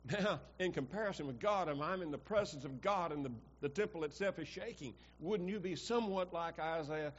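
A man's voice: on the high side, a little fast, few pauses, highs cut off. A male pastor preaching a sermon in a church, asking the congregation questions and swelling for emphasis.

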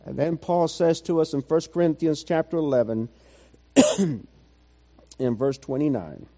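A man preaching a sermon, slow and measured, building to fervent intensity and then dropping low and quiet. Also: animated, long reverb tail, muffled recording.

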